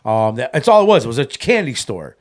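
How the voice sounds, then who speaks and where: A man tells a story from his recovery on a casual chat podcast. His voice swings widely in pitch as he acts out the people he quotes. He sits at a middle pitch and keeps the tone loose and talky. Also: sing-song, brisk.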